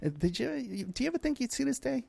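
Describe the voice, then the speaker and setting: A man's voice: very high voice, sing-song, fast talker, vocal fry, dark tone, husky, no room sound. A man hosting a casual interview who asks his guest direct questions. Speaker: interview host.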